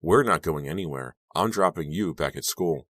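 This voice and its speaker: Angry teen girl yelling and snapping, deep-voiced guy putting her on, dry close sound. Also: normal speed, no echo. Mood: curt. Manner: snapping, shouting. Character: angry frightened teenage girl.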